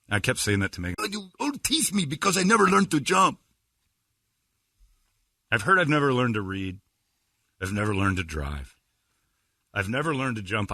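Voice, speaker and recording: Animated, bright-voiced male storyteller. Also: fairly low pitch, no echo, clean studio sound. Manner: animated, laughing, doing voices. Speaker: podcast host. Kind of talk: comedic storytelling.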